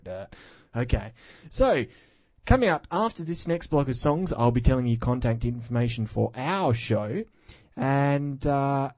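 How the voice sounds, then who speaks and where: A man's voice: medium pitch, a little mellow, dry recording. Rambling goofy podcast host, man. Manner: rambling, goofy, self-mocking asides. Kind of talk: casual chat between music.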